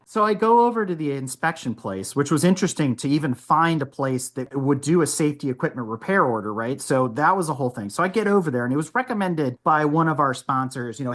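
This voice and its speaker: A woman hosting a car podcast, telling an animated story full of quoted dialogue. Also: rumbling low, brisk, few pauses. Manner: animated, tells stories with lots of quoted dialogue. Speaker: podcast host. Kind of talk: casual storytelling.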